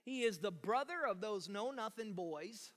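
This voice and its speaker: A man preaching a sermon as pastor, talking emphatically and building to loud shouts. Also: high voice, animated, normal speed. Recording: long reverb of a large hall.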